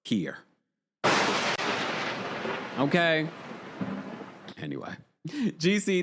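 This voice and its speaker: A man hosting a casual livestream recap, chatting and reading viewer messages aloud. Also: mid-range voice. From United States. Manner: chatty, reads viewer super chats aloud. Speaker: podcast host.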